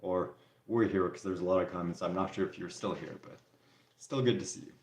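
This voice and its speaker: A man hosting a live stream, answering viewer comments in a relaxed, candid way with frequent restarts. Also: low voice, brisk. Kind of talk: casual live Q&A chat. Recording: roomy echo.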